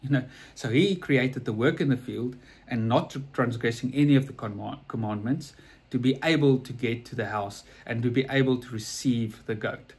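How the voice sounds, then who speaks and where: A man's voice: medium pitch, moderate pace, a little mellow, husky. A man preaching a sermon in a conversational, storytelling way, earnest and often repeating or restarting his words.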